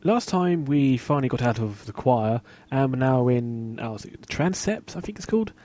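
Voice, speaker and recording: A man talks through a horror game at a middling pitch. He is casual and a bit jumpy, muttering asides to himself as he plays. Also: expressive, moderate pace, dark tone, no room sound. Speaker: let's play host. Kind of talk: casual gameplay commentary.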